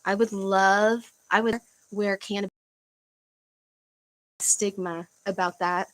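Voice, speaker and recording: Young woman, casual home livestream host, halting delivery with fillers and sighs. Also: mid-range voice, fairly even intonation, rough recording. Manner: halting, searching for words, frequent fillers and sighs. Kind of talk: casual livestream chat reading comments.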